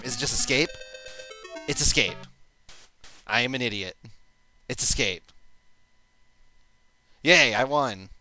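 Bright-voiced joking game commentator. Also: male voice, medium pitch, rough recording. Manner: joking, self-deprecating, rambling. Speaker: let's play commentator. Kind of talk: gameplay commentary.

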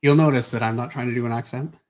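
A man's voice: medium pitch, very fast. A man hosting a drawing livestream, chatting loosely and teasing his co-host with dry humor. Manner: relaxed, dry teasing, trails off mid-thought. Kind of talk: casual chat.

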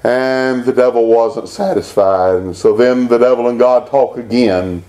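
A pastor preaching a Baptist sermon, rising into emphatic bursts and reading scripture aloud. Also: male voice, medium pitch, measured pace, warm tone.

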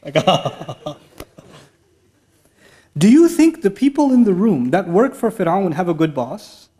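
A middle-aged man giving a lively, humorous lecture to a live audience in a large mosque hall, telling stories with jokes and laughs. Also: sits high, takes it slowly. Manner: animated storytelling with humor and laughs. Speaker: speaker giving an Islamic talk.

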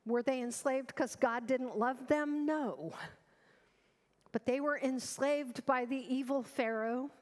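High-voiced woman pastor preaching slowly. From United States. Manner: earnest, urgent emphasis with rhetorical questions. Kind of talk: sermon. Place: large church sanctuary. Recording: long reverb of a church hall.

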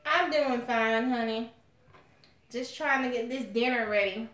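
A woman with a fairly high, slightly slow voice hosts a casual live cooking stream from her home kitchen. She chats with viewers, calling them honey and y'all, in an echoey room with faint background noise.

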